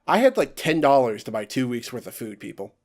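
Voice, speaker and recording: A man's voice: medium pitch, sing-song, brisk. Exasperated young man ranting. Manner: exasperated, sarcastic, mimics voices in quotes. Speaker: vlogger. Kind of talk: casual rant.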